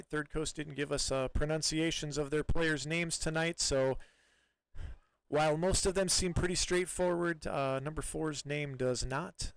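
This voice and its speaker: A man doing live play-by-play soccer commentary in a relaxed, chatty way, with many fillers and restarts. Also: a little high, clean tone, no room sound.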